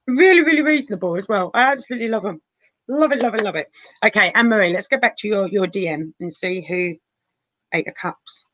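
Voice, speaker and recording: A woman's voice: medium pitch, animated, fast talker, fairly bright tone, dry recording, low-quality recording. A woman chatting through a live tarot reading from her sofa at home, calling viewers darling and honey. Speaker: tarot reader. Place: living room sofa at home.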